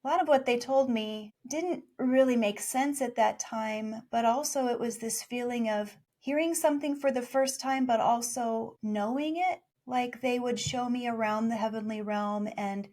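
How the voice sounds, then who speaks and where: A woman in her forties telling her story in a casual interview, playful and animated, laughing often. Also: fairly high pitch, normal speed, few pauses. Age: 40s. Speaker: guest, spiritual channel.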